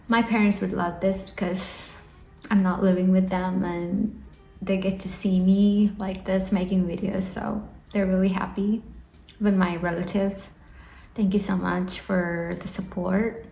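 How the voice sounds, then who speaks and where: A woman's voice: mid-range voice, steady tone, a little slow, creaky, mellow. A woman in her twenties from India, talking to camera in an earnest, encouraging vlog, rambling a little with fillers. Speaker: vlogger. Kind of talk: casual talking-head vlog. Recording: echoey room, faint music.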